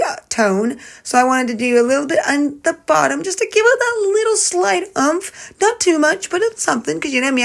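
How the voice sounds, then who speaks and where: A woman's voice: on the high side, creaky, low-quality recording. A woman chatting casually as she does her nail art, rambling and correcting herself while she works. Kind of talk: casual tutorial narration.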